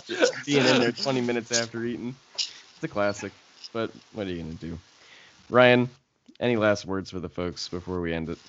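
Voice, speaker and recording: A man hosting a podcast in casual chat, laughing a lot and reacting loudly. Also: lowish voice, brisk. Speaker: podcast host. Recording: dull lo-fi audio.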